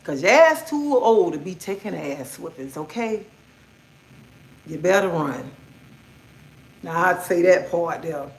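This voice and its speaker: With a lowish voice, lively intonation and a slow pace full of long pauses, a middle-aged woman rants on her livestream. She talks bluntly and swears freely in a casual manner. She's at home, and the room sounds echoey.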